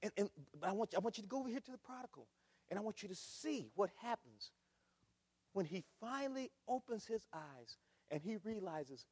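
High, husky middle-aged preacher in a hall. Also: male voice, expressive, brisk. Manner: emphatic, swings between shouting and hushed tones. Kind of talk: sermon. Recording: long reverb of a large hall.

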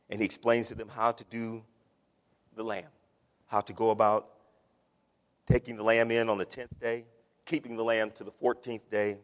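A man preaching a sermon in a church, building from measured teaching to impassioned shouts. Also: medium pitch. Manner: Southern preacher cadence, rising to shouts. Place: church sanctuary. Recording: long hall reverb.

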